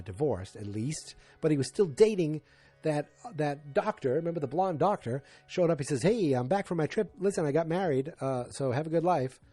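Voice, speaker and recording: A man's voice: mid-range voice, warm tone, breathy edge, no room sound. A man in his forties hosting a casual solo podcast recap, rambling with many fillers and restarts and throwing in exasperated asides. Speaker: podcast host.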